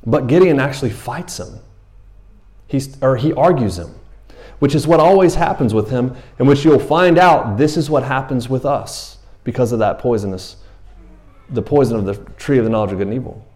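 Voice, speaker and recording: A man's voice: mid-range voice, animated, moderate pace, a little mellow. A man preaching a sermon in church, casual and joking, acting out Bible characters in a raised voice. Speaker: pastor.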